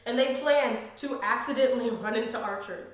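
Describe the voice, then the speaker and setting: A high-voiced woman gushes through a casual book review, slangy and openly fangirling. Her voice rings around a very echoey room. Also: fairly quick.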